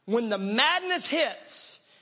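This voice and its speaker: Male pastor, very high voice, lively sermon delivery with playful acted-out shouts. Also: slow pace. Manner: animated, acts out panicked voices and shouts; talks to the congregation directly, laughs along.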